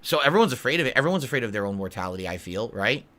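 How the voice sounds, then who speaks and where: A man's voice: mid-range voice, sing-song, rapid-fire, sharp tone, slight background noise. A man in his early forties answering live chat on a stream, blunt and easily irritated, calling viewers idiots. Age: 40s.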